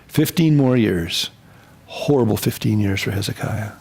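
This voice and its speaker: Man teaching a lively bible class. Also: medium pitch, normal speed, gravelly, slightly rough. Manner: lively, acts out quotes in funny voices; repeats key points for emphasis. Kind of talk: lecture.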